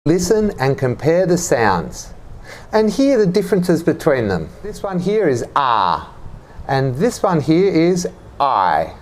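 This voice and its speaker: A man teaching English phonics, who models words clearly and has listeners repeat them and pick out the sound they hear. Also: on the high side, very animated, measured pace, warm tone. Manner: drills words for repetition, quizzes the listener. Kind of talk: slow, clearly enunciated teaching.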